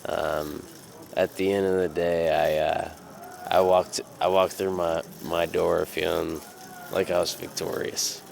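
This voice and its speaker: A man's voice: low voice, level tone, measured pace, gravelly, a little mellow, slight background noise. A young man casually telling a personal anecdote, rambling with fillers and restarts and swearing freely. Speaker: storyteller.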